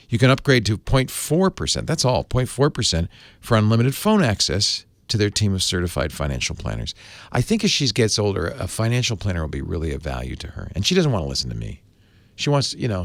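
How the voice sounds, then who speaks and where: A man's voice: fairly low pitch, dry recording. A middle-aged man hosting a tech talk show, reading an ad in a chatty way with personal asides. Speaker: podcast host reading an ad. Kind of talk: conversational live ad read.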